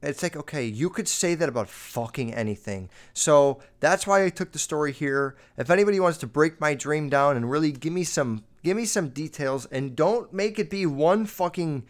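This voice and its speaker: A podcast host tells a story in a rambling monologue, swearing heavily and saying "like" constantly. As he gets worked up, his voice jumps up and down in pitch, at a moderate pace with hardly any pauses.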